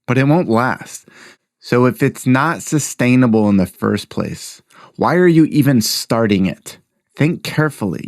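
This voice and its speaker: A man's voice: fairly low pitch, a little mellow, dry recording, studio quality. A man hosting his own podcast, delivering an earnest, motivational scripted monologue. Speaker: podcast host.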